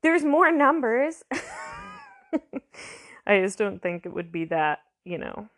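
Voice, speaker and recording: Slow-talking woman teaching a language. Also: mid-range voice, sing-song, fairly bright tone. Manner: chatty, sounds out words slowly and repeats them. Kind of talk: casual language lesson.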